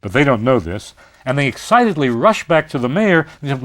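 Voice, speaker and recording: Guy lecturing on lit, super lively tone, lots of uhs, acts out the quotes. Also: medium pitch, a little fast. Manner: animated storytelling, acting out quotes, frequent "uh" fillers. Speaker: literature lecturer. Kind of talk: university lecture.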